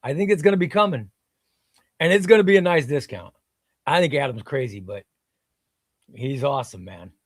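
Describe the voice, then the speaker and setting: A man's voice: medium pitch, lively intonation, normal speed, long pauses, no echo, clean studio sound. A man hosting a casual comics livestream, chatting loosely and reading viewer comments aloud. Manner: hypes sponsor in a shouted ad read. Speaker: livestream host.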